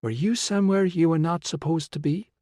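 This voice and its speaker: A man voicing a gentle, resolute young woman. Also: fairly high pitch, a little fast, no echo, pitched above the performer's own voice, lightly acted. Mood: coaxing. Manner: gentle, coaxing. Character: resolute young British woman, calm healer. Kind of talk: audiobook character voice. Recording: dry close studio sound.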